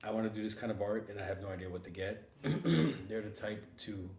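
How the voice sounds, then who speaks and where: A man hosting a casual art podcast in an art supply store, slightly hoarse from getting over losing his voice, talking in an easygoing, rambling way. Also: lowish voice, fairly quick, a little mellow. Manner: easygoing, rambling, many fillers. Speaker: podcast host. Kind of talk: casual chat. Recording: roomy store with faint ambient noise.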